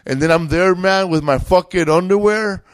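A man's voice: high voice, moderate pace. A man, a comedian guest, telling a rambling, profane story with bursts of laughter in a casual chat.

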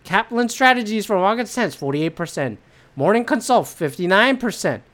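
A woman hosts a solo podcast of political commentary, ranting bluntly and profanely and rambling with lots of fillers and restarts. Her mid-range voice is animated and moderately paced.

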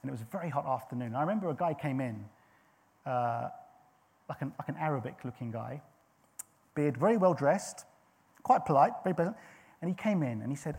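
Brief: middle-aged male preacher, earnest storyteller, slightly higher voice with a gravelly edge. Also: animated, a little fast, a little mellow. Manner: earnest storytelling, frequent restarts. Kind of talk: sermon with personal testimony.

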